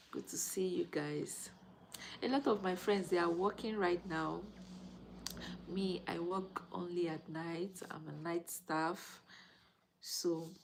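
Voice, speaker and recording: A woman's voice: on the low side, a little hiss or hum, low-quality recording. A Nigerian woman, a mother in her thirties, chatting casually on a live stream, greeting viewers and laughing often.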